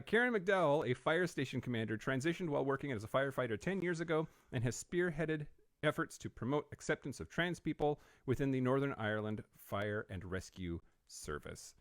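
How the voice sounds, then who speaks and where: A man's voice: medium pitch, no echo. A man co-hosting a podcast, reading out news items with wry asides and frequent fillers in a casual studio chat. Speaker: podcast co-host.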